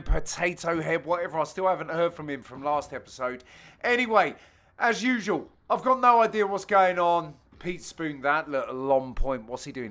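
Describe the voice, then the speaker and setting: A man hosting and giving jokey, self-mocking commentary over amateur match highlights, with sudden loud exclamations. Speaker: host and commentator.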